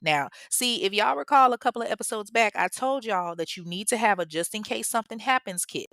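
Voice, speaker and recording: A woman's voice: mid-range voice, expressive, fairly quick, fairly bright tone, dry recording. A woman hosting a podcast, casually recounting a true-crime case, chatty and blunt, swearing freely and talking straight to her listeners. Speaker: podcast host.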